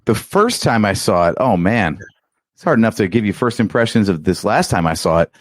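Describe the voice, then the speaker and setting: A man in his late forties, a podcast co-host, reminiscing in relaxed, rambling casual chat. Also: lowish voice, fairly quick, no echo, clean studio sound.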